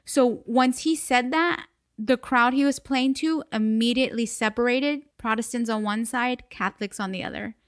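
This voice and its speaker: A woman's voice: on the high side, moderate pace, dry recording, clean studio sound. An American woman co-hosting a podcast in casual chat, laughing often and swearing lightly. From United States. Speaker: podcast co-host.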